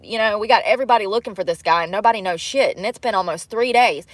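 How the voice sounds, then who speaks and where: Recording from a vehicle, a woman hosts a casual livestream and talks bluntly to her chat at a fast clip, swearing freely and laughing often. Her voice is medium in pitch, and the sound is dry.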